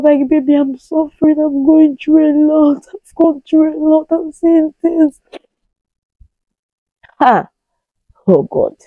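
A woman's voice: no room sound, narrow, tinny audio. Nigerian woman in her thirties, emotional storytelling. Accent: Nigerian English. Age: 30s. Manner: animated, acts out quoted pleas in a higher voice. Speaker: vlogger.

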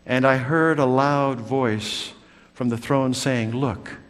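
A man preaching a sermon in a church, swinging from loud calls down to hushed whispers. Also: mid-range voice, steady tone, slow, clean tone. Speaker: pastor. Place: church sanctuary. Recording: long church hall reverb.

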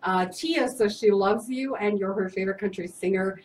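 A woman hosting a morning radio show in the studio, briskly reading out listener messages and plugging giveaways. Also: medium pitch, darkish tone, slight background noise, low-quality recording.

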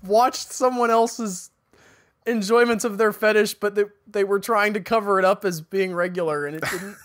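Wry, deadpan podcast co-host, male. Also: high voice, normal speed. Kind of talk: casual podcast chat.

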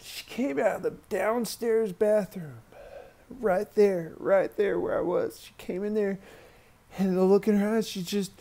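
Slow, hushed man telling a raw story. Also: high-pitched, creaky. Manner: slow, halting, hushed retelling. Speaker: survivor sharing a personal story. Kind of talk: raw spoken testimony.

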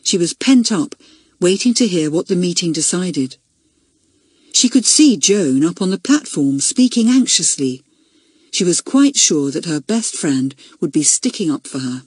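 Audiobook narrator, woman: lively, slightly breathy, close and dry. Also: lowish voice, measured pace, no echo. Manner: expressive storytelling. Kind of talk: scripted narration.

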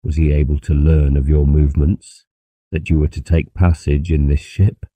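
A man's voice: extremely low pitch, flat delivery, normal speed, warm tone, dry recording. A man playing a grave, calculating ship captain who speaks formally in an audiobook.

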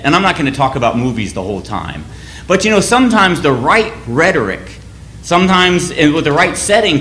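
A man's voice: a little high, fairly bright tone, reverberant, slight background noise. A man giving a sermon in a conversational, anecdotal way, often restarting his phrases. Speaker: church speaker.

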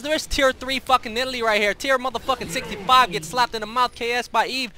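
Brash trash-talking young man, high bright voice. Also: steady tone, brisk, hardly any pauses. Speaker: streamer. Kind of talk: boastful gameplay commentary. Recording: faint background noise.

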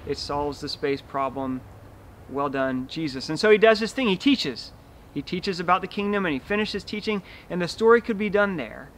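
A man's voice: a little high, fairly bright tone, slight background noise. A man preaching a sermon as pastor, retelling a scene vividly and acting out the dialogue.

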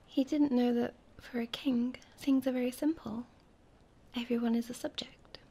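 A woman tells a bedtime story in a soothing whispered role-play, her voice high and breathy. The tone is mellow and soft throughout. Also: steady tone, moderate pace.

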